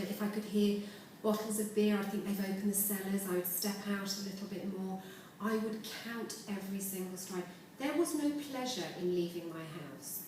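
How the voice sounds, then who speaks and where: A woman's voice: mid-range voice, slight background noise. A woman giving an earnest, reflective personal speech as an award speaker. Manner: earnest, reflective, with warm laughter. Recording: echoey hall from far off.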